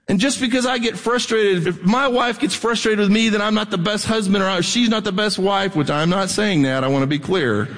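High-voiced preacher man in a reverberant hall. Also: brisk, hardly any pauses. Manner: animated, rising to near-shouting at peaks. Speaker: pastor. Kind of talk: sermon.

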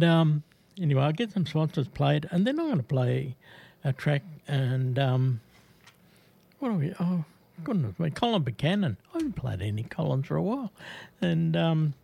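A man's voice: on the high side, vocal fry, darkish tone, no room sound. A man hosting community radio, chatting in a rambling, easily amused way. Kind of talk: casual radio chat.

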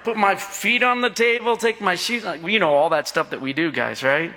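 A man's voice: sits high, moderate pace, sharp tone. A middle-aged man preaching a sermon as pastor, joking with the congregation and drawing out their replies. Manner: jokey, asks the congregation for responses. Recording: echoey hall.

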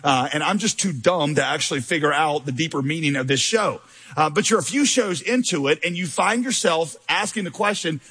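Husky-voiced male pastor preaching. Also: on the high side. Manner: animated, conversational preaching with self-deprecating humor; reads scripture with rising intensity. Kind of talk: sermon.

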